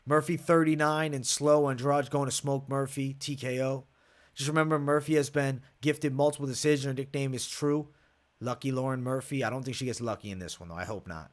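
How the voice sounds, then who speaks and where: A man's voice: medium pitch, steady tone, fairly quick. Brash, profane young man hosting a live stream. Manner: brash, profane, hyped, reads chat aloud. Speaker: MMA livestream host. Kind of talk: casual live betting breakdown.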